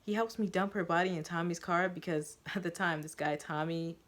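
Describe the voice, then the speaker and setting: Woman doing a mouthy troubled teen girl, crude and quick to snap, lowish voice. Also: a bit bright, close to an everyday voice. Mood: gossipy. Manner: blunt, crude and quick to anger. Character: brash, defensive troubled teenage girl patient.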